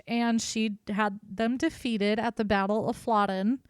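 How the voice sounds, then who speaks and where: A woman's voice: a little high, fairly even intonation, moderate pace, clear, resonant tone, dry recording, clean studio sound. A woman co-hosting a podcast, telling history in a casual, irreverent way and swearing freely. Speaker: podcast co-host.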